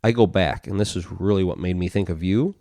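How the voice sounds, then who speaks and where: A man's voice: low-pitched, a little fast, warm tone, no echo, studio quality. A man co-hosting a podcast, telling a profane, rambling story in casual chat and acting out what people said. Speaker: podcast co-host.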